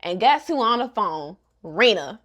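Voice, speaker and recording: A woman's voice: mid-range voice, very animated, unhurried, fairly bright tone. A young woman recapping a manga in casual, sassy commentary with joking asides.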